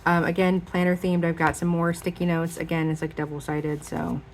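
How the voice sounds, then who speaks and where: A woman's voice: on the low side, little pitch movement, normal speed, a little hiss or hum. A young woman chatting casually as she shows off her planners, rambling with lots of fillers. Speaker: planner vlogger. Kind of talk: casual show-and-tell chat.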